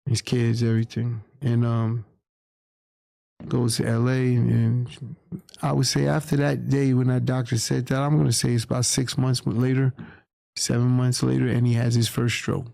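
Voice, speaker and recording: A man's voice: mid-range voice, level tone, normal speed, gravelly, warm tone, dry recording, studio quality. A man from New York, a guest in an interview, telling a story in a candid, plain-spoken way and acting out what others said. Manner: candid, plain-spoken, acts out quoted voices. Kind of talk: casual storytelling.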